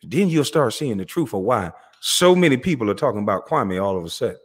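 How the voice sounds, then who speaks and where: A man's voice: mid-range voice, big pitch swings, fairly quick. Man ranting confrontationally at critics. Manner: confrontational, mocking, calls listeners out directly; street slang, repeats himself. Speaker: channel host. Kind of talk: heated ranting monologue.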